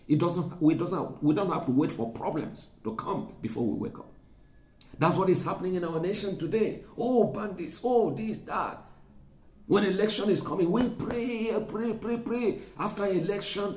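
A man's voice: fairly high pitch, normal speed, darkish tone, echoey room. A man preaching a sermon, conversational, repeating words for emphasis and chuckling now and then. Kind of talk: sermon teaching.

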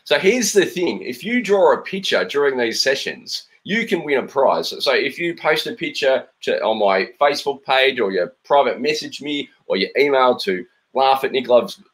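A man's voice: mid-range voice, lively intonation, moderate pace, few pauses, a bit bright. A middle-aged man with an Australian accent, a cartoonist chatting playfully while drawing live, with frequent ums. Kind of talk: live-stream drawing chat.

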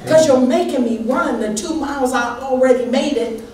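A woman pastor preaching a sermon with call and response from the congregation, animated and laughing often. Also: high voice, moderate pace. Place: church sanctuary. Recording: echoey church hall, distant mic.

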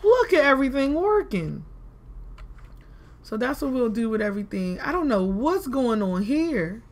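A woman's voice: a little high, sing-song, normal speed. Woman rambling thru a let's play, talks to herself, gets worked up n exclaims a lot. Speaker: gaming video creator. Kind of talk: casual let's-play commentary.

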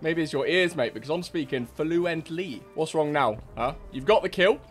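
A man's voice: a little high, animated, moderate pace, soft background music. A young man taunting other players over game voice chat in a cheeky, mocking way, full of slang. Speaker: game streamer.

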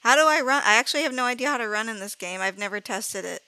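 A woman streams a horror game live, speaking quickly in a sharp, somewhat high voice with no room sound. Jumpy and easily scared, she laughs nervously, shrieks at frights, swears casually, and keeps apologizing to her viewers.

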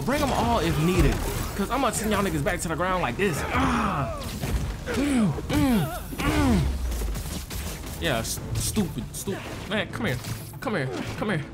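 A man narrating his gameplay, hyped and excitable, his voice swinging all over the place. He trash-talks enemies with slang, and music plays clearly behind him. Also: high voice. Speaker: gaming streamer. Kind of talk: casual let's-play commentary.

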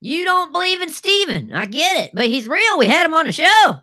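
A man's voice: very high voice, big pitch swings, a little fast, sharp tone, no echo. A man co-hosting a crude comedy show, brash and mocking, swearing freely. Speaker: co-host.

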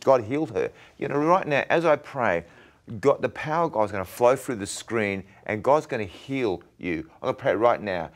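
A man, an evangelist, giving an earnest, halting testimony in an interview, often repeating words as he talks. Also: lowish voice. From Australia. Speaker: evangelist guest.

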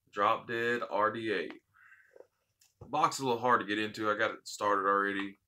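Bright-voiced man from the American South. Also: fairly low pitch, fairly even intonation, moderate pace, long pauses. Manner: heartfelt, rambling, repeats phrases. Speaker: vape channel host. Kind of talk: casual unboxing vlog.

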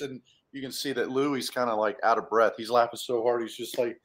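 A man's voice: medium pitch, steady tone, fairly quick, hardly any pauses, a bit bright, echoey room. Chatty, self-deprecating male author. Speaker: children's author and illustrator. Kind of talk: casual storytime talk.

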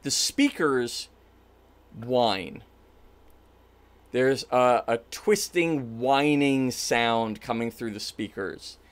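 Animated man narrating a tabletop game. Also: medium pitch, drawn-out words, long pauses. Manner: animated, casual storytelling. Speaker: game master.

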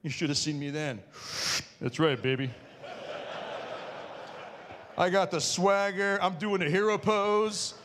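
Animated self-mocking man in a hall. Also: high voice, normal speed, hardly any pauses, slight background noise. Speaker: conference speaker. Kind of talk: humorous personal storytelling talk. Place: large parish hall with an audience. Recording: reverberant hall.

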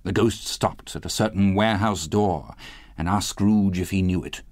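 A man reading a classic novel aloud as an audiobook narrator, with expressive, varied delivery. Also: low-pitched, moderate pace, dry recording, studio quality. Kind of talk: scripted narration.

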